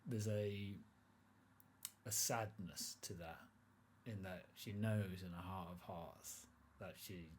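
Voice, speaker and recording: A man narrating a tabletop role-playing game as game master, relaxed and rambling, with lots of fillers and restarts. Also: sits low, slow, a little hiss or hum.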